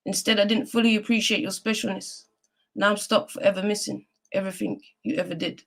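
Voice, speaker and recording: A woman's voice: medium pitch, fairly even intonation, brisk, a bit bright. A woman speaking as a guest poet on a video call, reciting spoken word poetry and then chatting in a heartfelt, earnest way.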